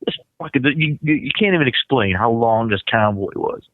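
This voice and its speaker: A man's voice: mid-range voice, big pitch swings, fairly quick, no room sound. Male guest, laid-back profane storyteller, dull lo-fi sound. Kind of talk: casual chat.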